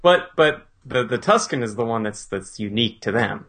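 A man's voice: mid-range voice, expressive, moderate pace, a bit bright. A man co-hosting a podcast in casual chat, easygoing, often laughing and restarting his sentences. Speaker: podcast co-host.

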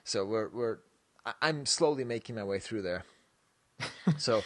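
A man's voice: on the low side, normal speed, fairly bright tone, no room sound. A man co-hosting a podcast in casual chat, rambling and jokey, laughing often and trailing off with "so". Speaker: podcast co-host.

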